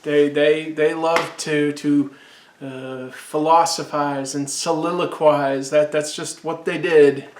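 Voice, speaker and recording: Guy rambling happily about old comics while sipping absinthe, kinda high voice, echoey room. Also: level tone, slow. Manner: rambling, enthusiastic. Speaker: comic book reviewer. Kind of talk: casual video review.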